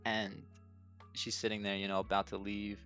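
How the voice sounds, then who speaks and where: Young male podcast host, low pitch, nervous and self-mocking storyteller, muffled lo-fi recording. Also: monotone, normal speed, a bit bright. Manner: nervous, self-deprecating, laughs often. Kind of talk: casual solo storytelling. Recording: dull lo-fi sound with faint music.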